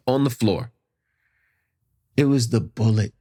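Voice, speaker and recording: A man spins a story in loose, casual talk. His pitch leaps and dips all over as he acts out the voices and the noises. He keeps it lively from line to line. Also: normal speed, pauses often. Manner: animated, acts out voices and sound effects. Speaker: podcast guest.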